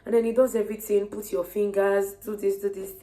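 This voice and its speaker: A young woman with a Nigerian accent, heavily pregnant, casually retelling her day to camera in an animated way. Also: mid-range voice, brisk. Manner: lively, animated retelling of conversations. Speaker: vlogger.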